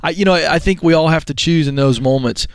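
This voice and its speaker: A man's voice: fairly high pitch, quick pace, smooth, no room sound. A man co-hosting a radio talk show, earnest and encouraging in casual chat.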